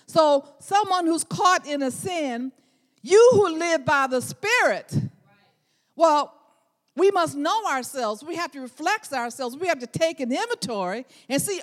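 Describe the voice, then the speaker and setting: A woman with a high voice preaches a sermon, earnest and emphatic, circling back over her key words. Her voice rings with the long reverb of a church hall. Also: a bit bright.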